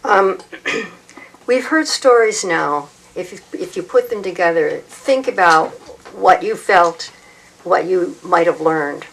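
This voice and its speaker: A woman speaking to an audience at a reading event, halting with many pauses and fillers. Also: on the low side, gravelly, poor audio.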